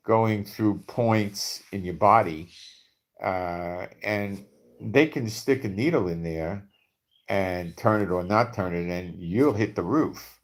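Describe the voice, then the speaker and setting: A man talking casually and bluntly, skeptical, firing off rhetorical questions and checking in with "okay?". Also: lowish voice. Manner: repeats for emphasis with frequent "okay?". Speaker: video commentator. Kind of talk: casual monologue to camera.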